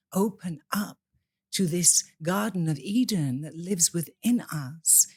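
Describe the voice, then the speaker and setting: A woman's voice: low voice, darkish tone, breathy edge, no room sound, studio quality. A woman from the UK, a priestess guest in a podcast interview, speaking in an impassioned, preacher-like way.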